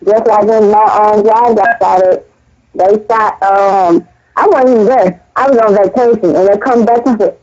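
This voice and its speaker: A woman's voice: mid-range voice, steady tone, unhurried, darkish tone. Woman, casual testimony, earnest, rambling, restarts, muffled lo-fi sound. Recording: dull lo-fi audio.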